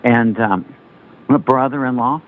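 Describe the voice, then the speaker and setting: An older man being interviewed as a guest author, talking in a halting way and often repeating words as he thinks aloud. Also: mid-range voice. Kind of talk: casual interview talk. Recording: tinny phone line with faint noise.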